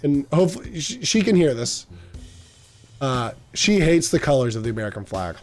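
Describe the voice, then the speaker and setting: A man's voice: medium pitch, sing-song, normal speed, faint music behind. Rambling, joking male streamer. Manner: rambling, self-deprecating, joking. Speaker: streamer playing a game. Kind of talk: casual live-stream chat.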